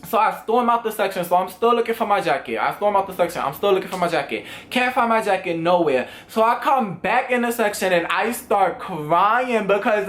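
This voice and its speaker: Young male vlogger, storytelling straight to camera, animated, voices the quotes with big jumps. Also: high voice, a little fast, hardly any pauses. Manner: animated, swings into loud re-enactments of quotes.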